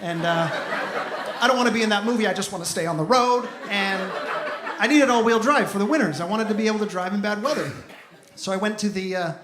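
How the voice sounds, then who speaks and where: A young man performing a stand-up comedy set, telling stories in a deadpan way with bursts of mock outrage. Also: sits high, fast talker. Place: comedy club stage with a live audience. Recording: echoey room with noise.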